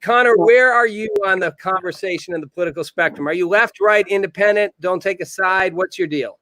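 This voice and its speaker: A man hosting a live call-in talk show, brisk and joking, asking guests pointed questions. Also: sits high, pushed and bright, no room sound. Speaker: host.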